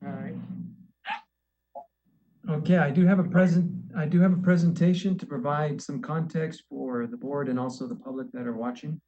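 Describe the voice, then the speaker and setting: A man's voice: on the high side, fairly even intonation, normal speed, mellow. A polite man from city staff walks a board through meeting procedure, often restarting his sentences. His voice comes through dull, lo-fi meeting audio with a faint hiss underneath. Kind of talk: virtual public meeting presentation.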